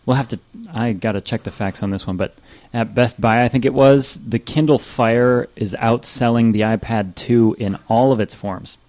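A man's voice: medium pitch, moderate pace. A man co-hosting a podcast in casual chat, joking and sometimes hesitating. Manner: jokey, animated, hesitant. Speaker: podcast host.

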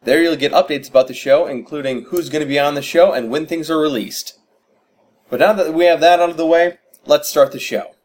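A man hosting a podcast, reading a brisk, upbeat intro and plugs for the show. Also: a little high. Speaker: podcast host.

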